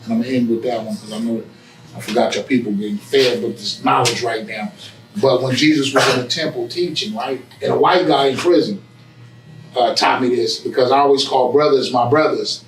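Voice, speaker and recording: Animated preachy man in a roomy barbershop. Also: medium pitch, fairly quick, recorded from a distance, slight background noise. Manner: preachy, animated storytelling with street slang. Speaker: guest, barbershop owner. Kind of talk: casual interview talk.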